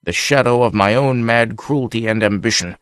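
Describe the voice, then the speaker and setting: A man voicing a brooding, haunted nobleman who speaks slowly and somberly, in an audiobook reading. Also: medium pitch, fairly bright tone, clean tone, no room sound, studio quality, close to an everyday voice. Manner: somber, slow.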